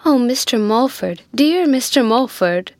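A woman's voice: on the high side, unhurried, no echo, clean studio sound, voice pushed up, close to an everyday voice. A woman reading the part of a flustered, pompous older widow who speaks in fussy, exclaiming tones with an air of dignity. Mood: alarmed.

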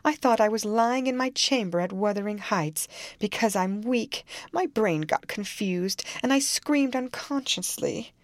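A woman's voice: medium pitch, animated, unhurried, dry recording, voice pushed up, lightly acted. A woman voicing a feverish, frightened young woman in an audiobook reading, with an anxious, pleading manner. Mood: shaken.

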